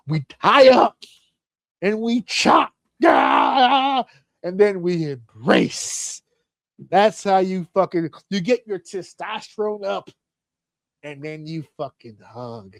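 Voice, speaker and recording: Man, podcast co-host, fairly high voice, dry close sound, profane, animated storyteller. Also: no echo. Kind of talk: casual podcast chat.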